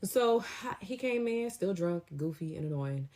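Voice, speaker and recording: Low-voiced young woman telling a story. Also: a little slow. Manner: animated, slangy storytelling with lively acted-out quotes. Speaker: storytime vlogger. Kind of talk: casual storytime.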